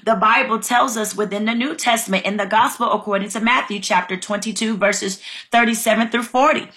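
A woman delivers a fervent sermon in a bright, forceful voice. She reads scripture aloud and calls her listeners family, breaking in with exclamations of praise. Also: on the high side, steady tone, brisk. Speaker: preacher.

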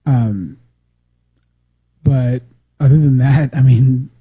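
A man co-hosting a radio chat, speaking hesitantly with many halting restarts. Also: medium pitch, dark tone, slightly rough, no room sound.

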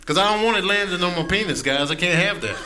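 A middle-aged man doing a stand-up set, acting out his friends and sons in voices. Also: fast. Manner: animated, acts out friends and family in high voices. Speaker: stand-up comedian. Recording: live club set with clear background noise.

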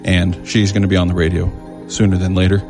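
Low gravelly monotone male radio host. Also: quick pace, over music. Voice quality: monotone with a lisp. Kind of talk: casual radio chat. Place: radio studio.

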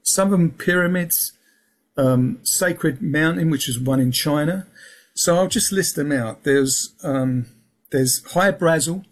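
Gravelly, husky man rambling in casual talk. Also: on the high side, slow pace. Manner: rambling, restarts often, fills with um and yeah. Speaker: guest. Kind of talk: casual interview chat. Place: lives in England.

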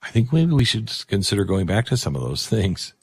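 A male talk radio host speaking into a studio microphone, sarcastic and rambling as he mocks his targets. His voice sits fairly low with a husky grain. The sound is dry and close. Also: sing-song, a little fast, dry recording. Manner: sarcastic, mocking, with rambling asides. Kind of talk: opinionated talk radio monologue.

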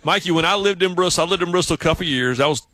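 Southern sports radio host, lively storyteller, dry close studio sound. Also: male voice, rapid-fire, dry recording. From South Carolina, US. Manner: animated storyteller, mimics coworkers in high voices. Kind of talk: casual radio chat and storytelling. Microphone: studio mic.

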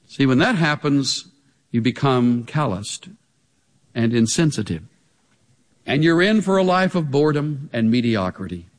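A man preaching a sermon, animated, with pointed rhetorical questions. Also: medium pitch, measured pace. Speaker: pastor. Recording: long hall reverb.

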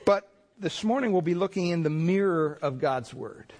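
A man's voice: a little high, animated, moderate pace, a little mellow. A male pastor giving a conversational sermon, telling folksy stories with lots of fillers and restarts.

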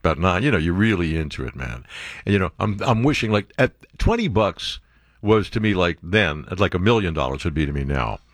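A man's voice: sits low, sing-song, brisk, no echo, studio quality. A man, a talk radio host telling a rambling story full of fillers. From the Bronx, New York.

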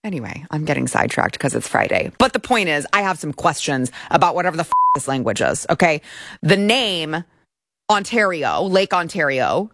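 A woman's voice: low-pitched, sing-song, normal speed, fairly bright tone, no room sound, studio quality. A woman hosting an opinion talk show, giving commentary in a sarcastic, mocking way. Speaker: show host.

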